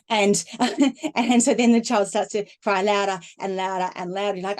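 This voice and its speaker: A middle-aged woman speaking as a guest in a conversational talk, animated and laughing as she acts out inner voices. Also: medium pitch, moderate pace. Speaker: guest speaker on emotional healing.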